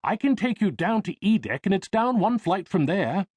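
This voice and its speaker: A man's voice: sits high, big pitch swings, moderate pace, a little mellow, slightly rough, no echo, voice pushed up, heavily acted. A man voicing a polite young male elevator operator on a ship, with an English accent. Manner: polite, deferential.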